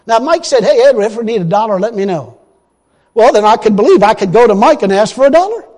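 A man with a high voice delivers a sermon in a plain, folksy manner. He leans on his points and bursts into loud exclamations. His voice rings out with the long reverb of a hall. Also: expressive, fast talker. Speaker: preacher.

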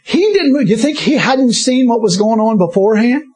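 Husky high-voiced preacher man. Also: expressive, fairly quick, a little mellow. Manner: chuckling often, interjecting hallelujahs, repeating himself. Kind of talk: sermon.

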